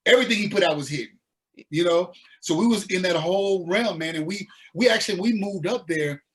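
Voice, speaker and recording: A man from the American South, a musician guest telling his story in a laid-back, animated way with slang. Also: high-pitched, brisk. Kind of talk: casual interview storytelling.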